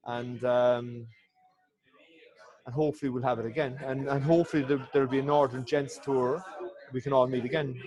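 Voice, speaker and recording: A man's voice: medium pitch, darkish tone, poor audio. A man, a former rugby player guesting on a podcast, talking in a heartfelt, rambling way and swearing often. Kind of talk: casual chat.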